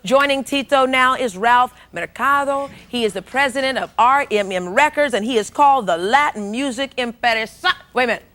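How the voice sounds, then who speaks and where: A woman's voice: sits high, brisk, few pauses. A woman hosting a TV talk show, introducing guests and throwing to breaks in an upbeat announcing manner. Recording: TV studio with loud music and cheering audience.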